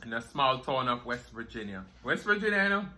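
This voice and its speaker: This food vlogger is a young man with a Jamaican accent and a medium-pitched voice that sounds bright, forceful, brisk and highly animated. He tells stories over a meal in casual mukbang style, often laughing and switching into Patois.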